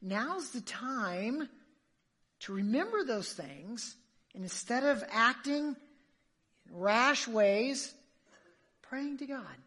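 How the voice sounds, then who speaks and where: A woman's voice: on the high side, lively intonation, takes it slowly, pauses often, a bit bright, slightly rough. A woman preacher giving an emphatic sermon, full of rhetorical questions to her listeners.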